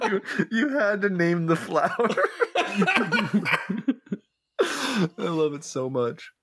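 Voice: mid-range voice, very animated, drawn-out words, pauses often, fairly bright tone. A player in a tabletop role-playing game, asking questions and chatting in an amused way. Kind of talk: casual tabletop game play.

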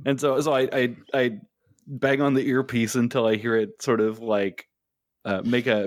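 A woman's voice: very deep voice, fairly even intonation, normal speed, darkish tone. A woman playing a tabletop role-playing game, chatting in a giggly, rambling way. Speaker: player. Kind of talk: casual tabletop game play.

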